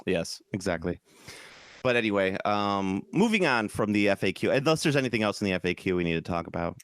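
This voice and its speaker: Animated, profane Midwestern podcast host. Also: male voice, on the low side, fairly quick, no room sound, studio quality. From American Midwest. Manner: animated, profane, jokey, slips into mock British voices. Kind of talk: casual chat.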